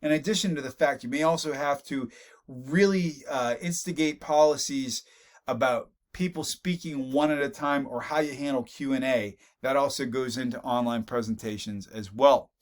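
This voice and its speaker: A man's voice: mid-range voice, normal speed. A man giving a recorded online business lecture in a conversational way, often repeating a word as he gathers his thoughts. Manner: conversational, repeats words while thinking. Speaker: instructor.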